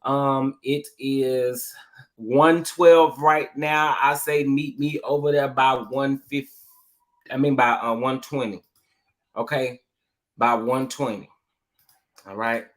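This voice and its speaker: A man with a mid-range voice hosts a casual livestream, speaking slowly and pausing often. He's animated and repeats himself, talking straight to his viewers in the chat.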